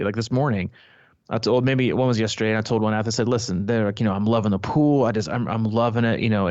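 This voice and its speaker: A man's voice: medium pitch, no echo, highs cut off. A man coaching triathletes, talking in a rambling casual way with frequent restarts. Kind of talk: casual podcast chat.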